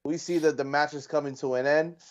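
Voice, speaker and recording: A man co-hosting a casual podcast chat, recounting events calmly in an even tone. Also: on the high side, brisk. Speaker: podcast co-host. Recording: dull lo-fi audio.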